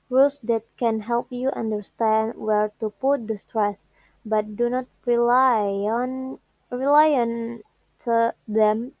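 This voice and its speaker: A young woman with an Indonesian accent, slowly reading out a pronunciation lesson on word stress and repeating the example words. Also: fairly high pitch, darkish tone, dry recording, low-quality recording. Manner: slow careful reading with repeated words and restarts. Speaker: student. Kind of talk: pronunciation practice recording.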